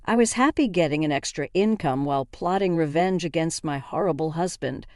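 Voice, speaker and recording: A woman's voice: sits low, lively intonation, a little fast, no room sound, studio quality. A woman narrating a first-person story in a conversational, indignant way.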